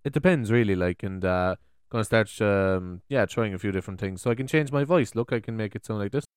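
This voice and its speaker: A man's voice: on the low side, fairly quick, smooth, no room sound, studio quality. A young Irish man hosting his podcast, chatty and cheeky, with plenty of fillers. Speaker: podcast host. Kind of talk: casual podcast test.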